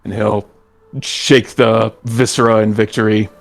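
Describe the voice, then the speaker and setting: Male player, low even voice, casual hesitant narration of his character's actions. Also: unhurried, vocal fry, dry recording. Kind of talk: casual tabletop role-play.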